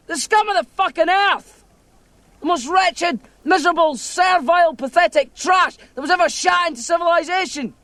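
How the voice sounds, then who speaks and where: A bitter young Scottish ranter. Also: male voice, extremely high pitch, dry recording, heavily acted. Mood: furious. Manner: shouting, scornful, swearing. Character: bitter young Scottish man ranting at friends. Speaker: film character.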